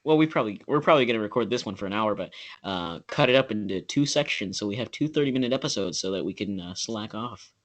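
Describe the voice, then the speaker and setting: A man's voice: on the low side, lively intonation, quick pace, few pauses. A young man co-hosting a casual podcast chat, giggly and rambling, dropping into silly voices. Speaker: podcast co-host.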